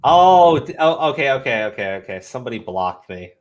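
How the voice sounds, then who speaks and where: Male commentary host, profane scornful rant, middle pitch. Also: very animated, brisk. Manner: profane, scornful, repeats himself. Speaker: commentary streamer. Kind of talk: casual ranting commentary.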